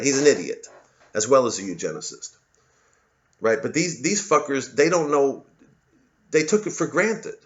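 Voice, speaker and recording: A man's voice: medium pitch, a bit bright, lo-fi sound. A man giving an angry, profane ranting monologue as a vlogger, often repeating himself and restarting sentences. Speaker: political commentary vlogger.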